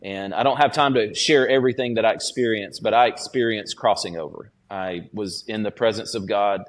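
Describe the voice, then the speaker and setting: A man with a fairly low voice tells his story as a podcast guest. He is earnest and unpolished, pausing and restarting with frequent fillers as he recalls what happened. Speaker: student pastor, podcast guest. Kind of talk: personal testimony in a podcast interview.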